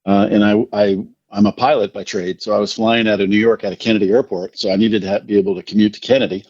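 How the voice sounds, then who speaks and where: Podcast guest, middle-aged man from New Jersey, rambling yarn-spinner, somewhat low voice, dry close audio. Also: fast, dry recording, muffled recording. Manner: rambling, animated anecdotes with self-deprecating laughs. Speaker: podcast guest, recovery speaker. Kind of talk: casual storytelling.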